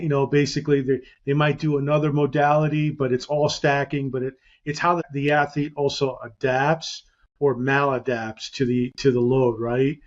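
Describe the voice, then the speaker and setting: A man's voice: mid-range voice, a little mellow, lo-fi sound. A middle-aged man hosting a podcast, chatting casually and rambling with lots of "you know" fillers. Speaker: podcast host.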